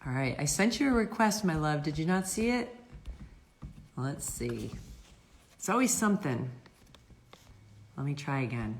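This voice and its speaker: A woman's voice: low voice, very animated, normal speed, long pauses. A woman hosting a live-stream author interview, chatting casually and affectionately with viewers, often laughing.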